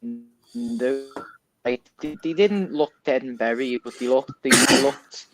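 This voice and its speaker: A man's voice: medium pitch, takes it slowly, music in the background, low-quality recording. A man on a football panel, chatting casually and stumbling over repeated starts. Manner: stammering, many repeated starts.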